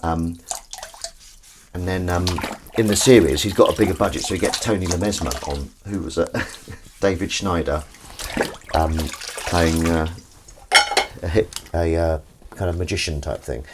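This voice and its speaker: A man's voice: low voice, normal speed, background noise. A man and actor chatting casually on a live stream while washing up, reading chat aloud and swearing now and then. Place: kitchen sink. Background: running tap water and dish clatter.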